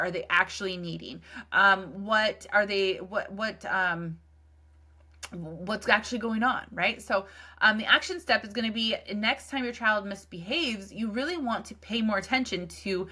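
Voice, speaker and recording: A woman's voice: mid-range voice, pushed and bright. A woman in her thirties hosting a solo parenting podcast, talking in an earnest, conversational way with many fillers and restarts. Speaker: podcast host. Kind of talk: casual solo podcast talk.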